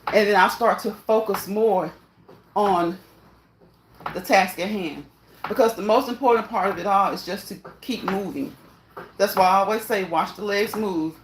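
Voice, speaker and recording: A medium-pitched woman, a fitness vlogger, chats casually at a moderate pace with long pauses while using an exercise machine indoors. Slightly breathless, she repeats herself, encourages viewers, and laughs a lot; the poor recording is reverberant with a little hiss or hum.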